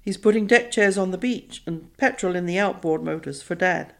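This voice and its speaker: Woman doing a brisk British stepmother. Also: lowish voice, gravelly. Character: brisk British stepmother, middle-aged, kindly.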